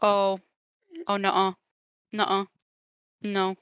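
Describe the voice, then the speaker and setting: A woman's voice: mid-range voice, monotone, takes it slowly, a bit bright, clean tone, no echo. A young woman streaming a game with her avatar, joking around in theatrical mock outrage. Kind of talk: playful gaming chat.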